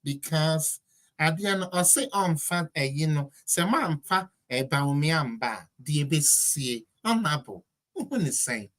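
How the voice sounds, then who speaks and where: A man's voice: fairly high pitch, expressive, unhurried, a bit bright. A man with a Ghanaian accent delivering a heated, mocking political commentary rant.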